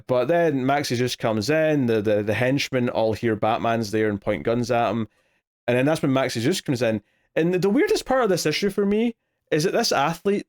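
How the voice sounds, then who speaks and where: A man co-hosting a podcast, recapping a comic issue in loose casual chat with many fillers and restarts. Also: mid-range voice. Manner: rambling, hesitant, lots of fillers and restarts. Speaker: podcast co-host. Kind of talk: casual comic book discussion.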